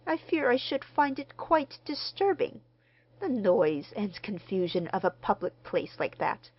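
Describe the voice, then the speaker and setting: A woman reading the part of a mild, courteous gentleman stranger who speaks formally. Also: medium pitch, big pitch swings, a little slow, highs cut off. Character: mild, polite middle-aged gentleman stranger.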